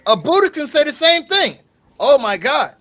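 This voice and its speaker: Using a very high voice at moderate speed, a male podcast co-host spins animated, profane stories during casual chat. He acts out the quoted lines.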